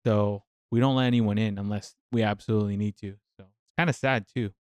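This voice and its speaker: Smooth-voiced man venting about nursing. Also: lowish voice, fairly even intonation, fairly quick, darkish tone, dry recording. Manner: passionate, venting, thinks aloud with repeated phrases. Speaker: nurse reacting to a TV show. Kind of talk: casual reaction commentary.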